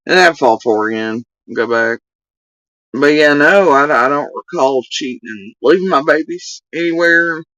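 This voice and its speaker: A woman's voice: low voice, moderate pace, fairly bright tone, no echo, distant mic, rough recording. Heated, swearing woman ranting on stream. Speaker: livestreamer. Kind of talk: livestream rant.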